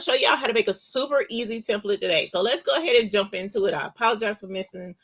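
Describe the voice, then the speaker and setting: A woman's voice: mid-range voice, quick pace, few pauses, a bit bright, slightly rough. A woman hosting a casual live crafting tutorial, chatty and folksy, talking straight to her viewers. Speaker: crafting livestream host.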